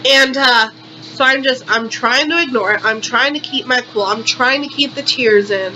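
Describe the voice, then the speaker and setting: A woman's voice: high-pitched, normal speed, sharp tone, lo-fi sound, slight background noise. A young woman vlogger performing a satirical monologue in exaggerated, repetitive, melodramatic outrage.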